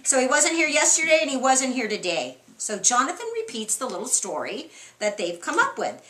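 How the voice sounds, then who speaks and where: Bright, lively woman teaching a Bible group, questioning her listeners, echoey room. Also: high voice, a little fast. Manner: animated, asks the group questions, reads scripture with expression. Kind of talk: interactive Bible study lesson.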